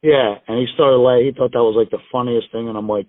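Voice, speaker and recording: A man's voice: mid-range voice, fairly even intonation, fast talker, few pauses, no echo. A middle-aged man, a guest on an interview show, telling stories in a casual, rambling way with emphatic swearing. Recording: dry, tinny phone line.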